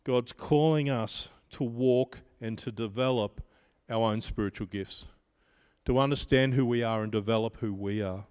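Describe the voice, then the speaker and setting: A pastor in his fifties preaching a sermon in a measured way, mixing scripture with personal stories. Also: medium pitch, a little mellow, smooth. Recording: long reverb of a large hall.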